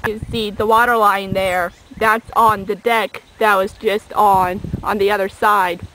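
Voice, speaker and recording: A woman's voice: medium pitch, steady tone, measured pace, fairly bright tone, slight background noise, poor audio. A young woman vlogging outdoors from a small boat on a lake, talking through a rambling, chatty rant into a handheld camera. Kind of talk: casual video rant.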